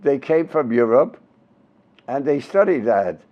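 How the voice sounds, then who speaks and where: A Brooklyn-born performer in his nineties recounts old stage stories in a casual interview, an animated teller who bursts into comic voices, impressions and sung bits. His medium-pitched voice keeps a measured pace on a lo-fi recording.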